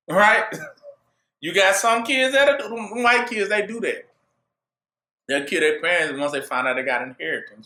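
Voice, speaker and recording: A man's voice: fairly high pitch, normal speed, bright, forceful tone, echoey room. A man preaching a sermon, driving it with call-and-response and rhetorical questions to his listeners.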